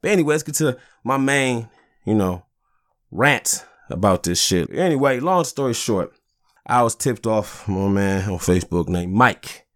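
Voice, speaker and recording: A man's voice: fairly low pitch, animated, measured pace. A man hosting a podcast, ranting angrily and profanely in a casual, heated way. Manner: angry, profane, heated, frequent "you know what I'm saying". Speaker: podcast host.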